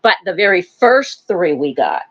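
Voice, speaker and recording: A woman's voice: lowish voice, big pitch swings, measured pace, a bit bright, muffled recording. An older woman hosting a casual live stream from home, chatting in a rambling way and laughing often. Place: home, near a wood stove.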